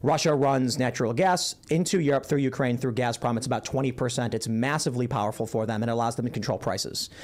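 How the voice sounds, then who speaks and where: A man's voice: medium pitch, quick pace, hardly any pauses, a little mellow. A man in a heated political debate who argues insistently and presses his opponent with yes-or-no questions.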